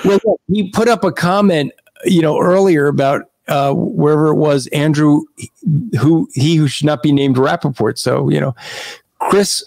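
Guy hosting a video call chat, gravelly voice, dry sound, keeps restarting and clearing his throat. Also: a little high, measured pace, darkish tone, no echo. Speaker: podcast host. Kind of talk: casual online discussion.

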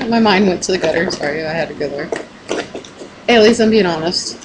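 In a noisy recording from home, a young woman vlogs a casual pep talk to her camera, rambling, emphatic, and full of swearing. She speaks briskly in a fairly low pitch.

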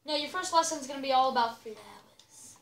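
A woman playing a game with a friend, directing a silly role-play in an excitable, giggly, bossy way. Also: high voice, fairly quick, background noise. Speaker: player.

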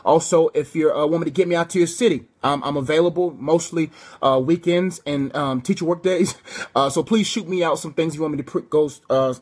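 A man preaching a livestreamed sermon, impassioned, swinging between fervent and hushed delivery. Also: a little high, brisk, husky. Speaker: preacher and coach. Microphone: phone or webcam on a live stream.

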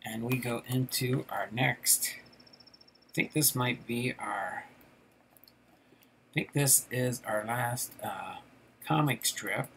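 Middle-aged male host, unhurried chatty delivery, faint background noise. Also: mid-range voice, a bit bright, poor audio. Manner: chatty, laughs at the jokes, loosely voices the strip characters. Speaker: card collector channel host. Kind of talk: casual livestream reading comic strips aloud.

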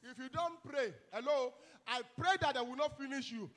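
A young Nigerian man, a youth pastor, preaching a fiery sermon full of shouted calls and repeated "hello?" to the congregation. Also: extremely high pitch, moderate pace, slight background noise.

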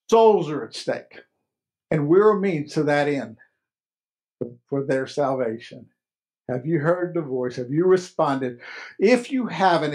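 A man preaching a sermon as pastor, earnest and emphatic, repeating key phrases. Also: a little high.

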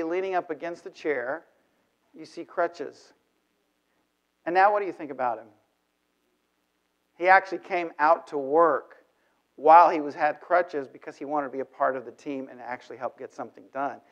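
A middle-aged man speaking at church, telling a story in an animated way and acting out inner thoughts, with many restarts. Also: a little high, normal speed. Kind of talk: sermon storytelling. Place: church sanctuary. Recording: dull lo-fi church recording.

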